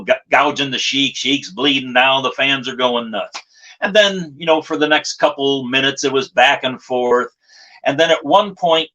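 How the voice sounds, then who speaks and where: A man, a former wrestling manager, telling a lively backstage story in an interview and often saying "you know". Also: mid-range voice, dull audio.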